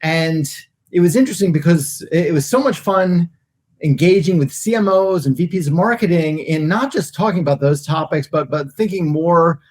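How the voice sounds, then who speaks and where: Middle-aged male guest, thoughtful and halting, somewhat raised pitch. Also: animated, a little hiss or hum. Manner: thoughtful, hesitant, many fillers and restarts. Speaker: guest, agency CEO. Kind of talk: casual interview answers.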